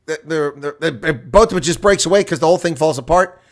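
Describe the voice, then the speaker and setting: Covering a rugby match live, a middle-aged man handles both play-by-play and color, shouting with excitement at big moments and chatting casually with viewers during lulls. His voice is fairly high, at a moderate pace.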